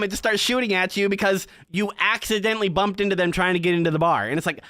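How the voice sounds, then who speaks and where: Podcast co-host, male, high bright voice, animated storyteller, dry close mic. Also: very fast, hardly any pauses, dry recording. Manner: animated storyteller, acts out characters' lines. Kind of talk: casual chat.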